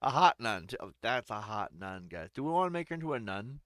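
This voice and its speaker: A streamer riffs through casual gameplay commentary with crude humor and frequent laughter. The pitch swings widely from line to line. The sound is dry and close, with little room echo. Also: very animated, fairly quick, fairly bright tone.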